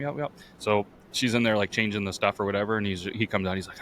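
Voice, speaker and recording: A man's voice: on the low side, fairly even intonation, fast talker, fairly bright tone, slight background noise. A man hosting a podcast in casual, crude banter, joking and laughing often as he tells stories. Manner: joking, laughs a lot, acts out quoted voices. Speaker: podcast host.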